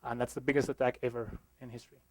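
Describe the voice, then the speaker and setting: A man's voice: mid-range voice, little pitch movement, racing, no echo, rough recording. A young South African man giving a joking, filler-heavy conference talk about his work. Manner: self-deprecating, joking, many fillers. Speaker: conference speaker.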